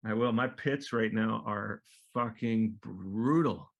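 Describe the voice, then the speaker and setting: A man talking as a guest in a casual interview, laid-back and profane, acting out other people's lines in a high voice and laughing often. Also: takes it slowly, gravelly, muffled recording. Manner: animated storyteller, acts out quotes in high voices. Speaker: guest musician.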